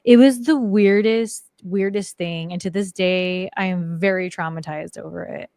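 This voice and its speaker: This middle-aged woman, guesting on a talk show, tells personal stories casually and chattily, saying "like" again and again. Her fairly low, slightly mellow voice moves unhurriedly, in a clean, dry studio recording.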